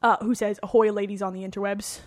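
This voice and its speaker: A woman co-hosting a casual podcast, talking quickly and joking. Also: medium pitch. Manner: fast, animated and joking. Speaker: podcast co-host. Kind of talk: casual chat.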